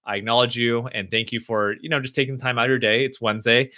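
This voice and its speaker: A young man answering viewers' questions on a live stream, speaking gently and reassuringly, thinking aloud as he goes. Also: medium pitch, level tone, quick pace.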